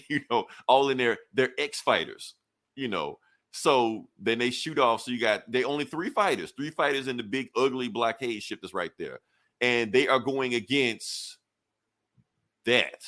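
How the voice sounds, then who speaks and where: A man's voice: mid-range voice, animated, normal speed, fairly bright tone. A man co-hosting a podcast, loosely recapping a comic book in casual, rambling talk full of fillers. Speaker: podcast co-host.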